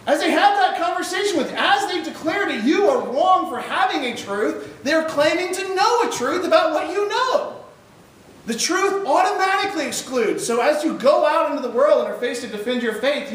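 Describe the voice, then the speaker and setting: A man's voice: extremely high pitch, expressive, moderate pace, fairly bright tone. Guy preaching at a school chapel, punchy, asks the kids questions, sounds far off in a really echoey hall. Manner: emphatic, asks the audience rhetorical questions. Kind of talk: chapel talk to high school students.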